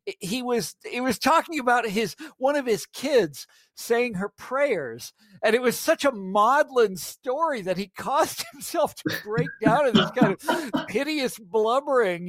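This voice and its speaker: A man's voice: sits high, fairly bright tone, no echo, studio quality. A middle-aged American man, a guest writer, talking in a casual podcast interview and rambling with many restarts. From United States. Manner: rambling, restarts often, chuckles at his own stories.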